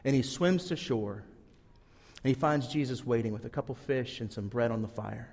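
Preaching in a large hall, this male pastor tells a Bible story with earnest sincerity, acting out characters' lines. His medium-pitched voice moves at normal speed with vocal fry and a darkish tone.

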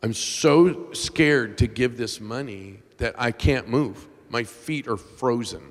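A middle-aged man preaching a sermon, telling a personal story with strong emotion, dropping to a hush and rising to shouts. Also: mid-range voice, takes it slowly. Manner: emotional, swings from hushed to shouting. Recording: long hall reverb.

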